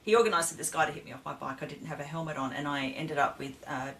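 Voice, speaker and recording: A woman's voice: low-pitched, fairly even intonation, fast talker, a bit bright, slight background noise, rough recording. A woman speaking as a podcast guest, recounting painful past events in a plain, matter-of-fact way. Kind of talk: casual podcast conversation.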